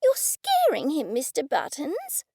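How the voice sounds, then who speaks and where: A woman voicing a kind, cheerful woman amateur sleuth who speaks in a gentle, placating way. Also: high-pitched, wildly swooping pitch, unhurried, no echo, studio quality, pitched above the performer's own voice, exaggerated voice.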